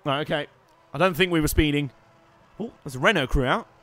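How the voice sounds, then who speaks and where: Guy streaming a racing game, kinda high voice, chatty and sweary, yelps when stuff goes wrong. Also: brisk. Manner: chatty, wry, sweary, reacts loudly to the race. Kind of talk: live gameplay commentary.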